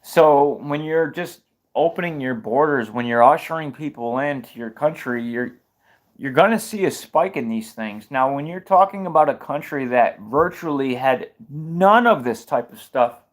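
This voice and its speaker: Male streamer with a somewhat high voice, heated opinion talk, keeps restarting his sentences. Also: animated, a little slow. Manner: fired-up, rhetorical questions, restarts mid-sentence. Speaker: livestream commentator. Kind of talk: opinionated livestream commentary.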